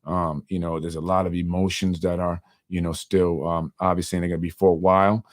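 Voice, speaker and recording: Earnest low-voiced man, rambling solo podcast. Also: flat delivery, fairly quick, no echo, clean studio sound. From Yonkers, New York. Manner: earnest, rambling, heavy on fillers. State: emotional, voice softening. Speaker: podcast host and community organizer.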